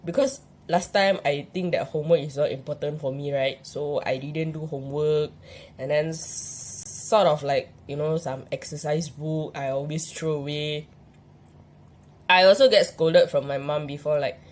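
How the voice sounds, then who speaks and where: A young Malaysian woman with a notably low, deep voice tells her own story in a relaxed personal vlog. She speaks in a Malaysian English accent and rambles earnestly, circling back with plenty of fillers and restarts. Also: normal speed. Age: young adult. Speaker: vlogger sharing her epilepsy experience.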